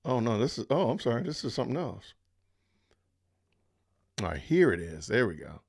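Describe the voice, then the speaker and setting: A man's voice: normal speed, gravelly, breathy edge. A man hosting a live-stream podcast, reacting with exasperated commentary, sighing and talking to his viewers. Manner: exasperated, sighing, lively pitch swings. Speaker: podcast host.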